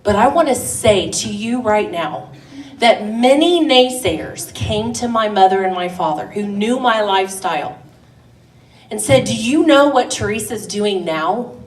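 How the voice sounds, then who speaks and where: The recording, made from a distance in an echoing church hall, features a middle-aged woman preaching to a women's gathering. Her medium-pitched voice has lively intonation and an unhurried pace as she passionately builds to emphatic statements.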